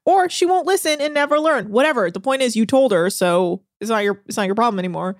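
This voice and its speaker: A woman co-hosting a podcast, recapping a reality show in an animated, sarcastic way, laughing and swearing often. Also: fairly high pitch, fast talker, few pauses, no echo, clean studio sound. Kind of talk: casual chat.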